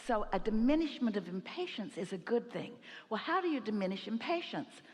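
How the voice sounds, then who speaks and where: A woman's voice: on the high side, very animated, brisk. Woman speaker in a reverberant hall. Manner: speaks as a collective "we", emphatic and rhetorical. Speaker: seminar speaker. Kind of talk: inspirational talk to an audience. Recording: hall reverb, live event.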